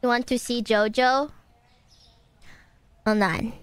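A woman's voice: on the high side, steady tone, slow pace, clear, resonant tone, dry recording. A woman streamer chatting casually while gaming, playfully dramatic and indignant, talking to her chat and her cat.

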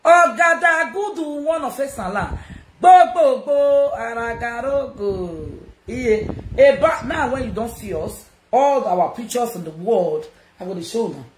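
A Nigerian woman chatting casually to her followers, loud and teasing, often laughing. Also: fairly high pitch, lively intonation, measured pace. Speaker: social media personality. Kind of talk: casual self-recorded chat to followers. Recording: echoey room with faint noise.

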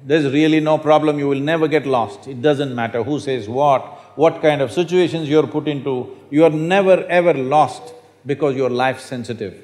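A man's voice: mid-range voice, normal speed, few pauses, a little mellow. A man speaking as a spiritual teacher to a live audience in a large hall, emphatic and often asking the audience questions. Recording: echoey hall.

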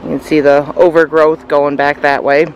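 Guy with a high voice chatting on a trail walk, laid back, laughs a lot, faint outdoor noise. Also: level tone, moderate pace, lo-fi sound. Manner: easygoing, chuckles often, many fillers. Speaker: vlogger. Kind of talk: casual vlog chat.

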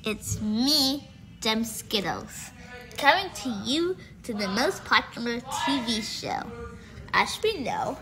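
A woman hosting a homemade reality-show roleplay in a bubbly, excitable way. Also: a little high, slow pace, a crowd in the background. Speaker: show host.

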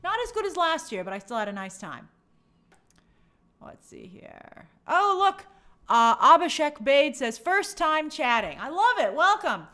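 Her pitch swinging widely, a high-voiced woman from New York reads viewer comments on her livestream in a bright, forceful tone at a moderate pace. The casual chat is bubbly and gushing, and she fumbles hard names.

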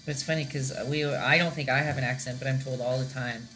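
A woman's voice: extremely low pitch, steady tone, fast talker, a bit bright, soft background music. A young Canadian woman teaching a casual live-stream painting lesson, chatty and giggly, rambling with lots of fillers. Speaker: painting instructor.

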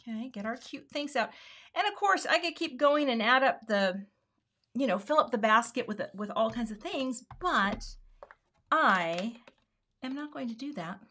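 A woman's voice: fairly high pitch, animated, normal speed, bright, forceful tone. A woman hosting a casual live craft demo, talking herself through each step and murmuring asides under her breath. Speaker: card-making host.

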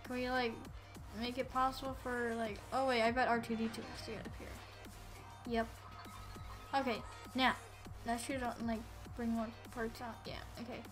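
Excitable high-voiced woman playing a game. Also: moderate pace, over music. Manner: excitable, yelling at enemies, playful. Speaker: gameplay commentator. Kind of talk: casual let's-play commentary.

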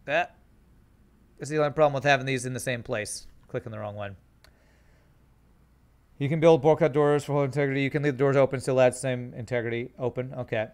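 A man streaming a game, thinking out loud and chatting to his viewers in a casual way. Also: medium pitch, a little fast, long pauses, smooth. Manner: thinks aloud, chats to viewers. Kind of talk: casual live-stream gameplay commentary.

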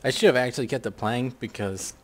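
A man's voice: medium pitch, fast talker. A man giving rambling, sarcastic casual commentary on a strategy game, swearing offhandedly. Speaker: gameplay commentator.

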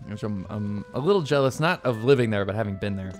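A man's voice: fairly low pitch, expressive, fast talker, hardly any pauses. Chatty swearing game streamer man. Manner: chatty, swearing, talking to chat. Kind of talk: casual let's-play commentary. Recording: game music faintly behind.

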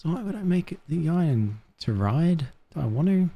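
A man giving casual, excitable commentary while playing a game, with panicky outbursts and self-mocking asides. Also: mid-range voice, moderate pace, few pauses. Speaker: gaming let's-play host.

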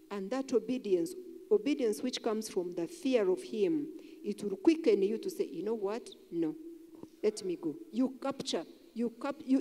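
A woman's voice: mid-range voice, dark tone. A middle-aged woman elder preaching a sermon in a large church, earnest and repetitive, sometimes acting out people's inner voices. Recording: long church hall reverb.

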